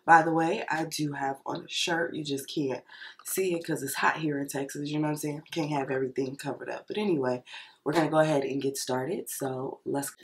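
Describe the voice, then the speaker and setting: A congested young woman talks through a stuffy cold, her voice sitting low for a woman. She chats casually and vents bluntly, cursing now and then as she does her makeup on camera. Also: fairly even intonation, brisk, slight background noise. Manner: chatty, venting, blunt and profane. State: congested, getting over a cold, heavy breathing. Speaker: beauty vlogger. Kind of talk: casual chat, makeup story time. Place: at home in Texas.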